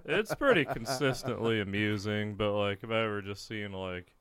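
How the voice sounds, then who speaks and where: A man's voice: lowish voice, expressive, normal speed, a bit bright, clean tone, dry recording. Profane laughing storyteller man. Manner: profane, laughing often while telling a story. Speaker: podcast guest; prison correctional officer. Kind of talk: casual storytelling.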